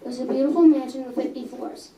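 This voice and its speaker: A young girl reads her own story aloud in earnest, now and then stumbling and correcting herself. Her voice sits high and mellow. She is picked up from some distance in an echoey room with faint background ambience. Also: fairly even intonation, quick pace, a little hiss or hum. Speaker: reader. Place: coffee house.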